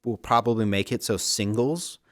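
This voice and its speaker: A man's voice: on the low side, moderate pace, no echo, studio quality. A man co-hosting a casual card game podcast, chatty and upbeat, laughing often and stumbling over words now and then. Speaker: co-host.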